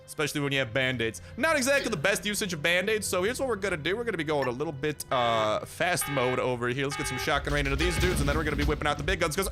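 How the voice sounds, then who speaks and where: A man hosting a gaming video with energetic gameplay commentary, goofy and hyped, breaking into sudden high squeals. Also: very fast, few pauses, over music.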